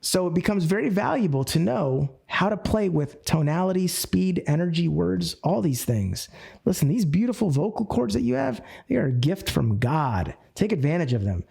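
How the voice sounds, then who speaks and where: A man leading a live group coaching session, energetic and animated, acting out phone calls and shifting his speed and tone as he teaches. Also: sits high, moderate pace, creaky, breathy edge. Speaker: network marketing coach.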